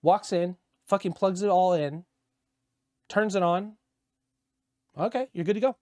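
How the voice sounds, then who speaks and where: A man co-hosting a gaming podcast, telling a story in an animated, profane rant. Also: high-pitched, unhurried, dry recording, clean studio sound. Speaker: podcast co-host. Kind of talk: casual podcast chat.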